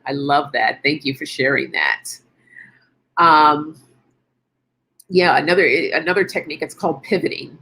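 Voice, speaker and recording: A woman's voice: low voice, expressive, moderate pace, fairly bright tone, breathy edge. A middle-aged woman hosting a casual wellness chat stream, chatty and encouraging, thinking aloud as she answers viewers. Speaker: live stream host.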